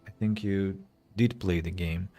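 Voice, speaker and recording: A man's voice: deep voice, steady tone, unhurried, dark tone, soft background music. A man streaming a game, chatting casually and greeting viewers. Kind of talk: casual live-stream commentary.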